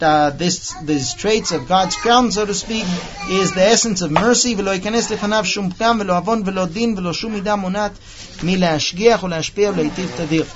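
A man teaching a casual Torah class to a small group, quickly reading out Hebrew text and then explaining it with stories. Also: high-pitched, dull audio. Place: room with a small group of listeners.

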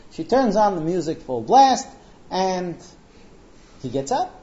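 Animated man telling a story in class. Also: sits high, slow. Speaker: Talmud teacher. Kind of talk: storytelling lecture. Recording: dull lo-fi recording.

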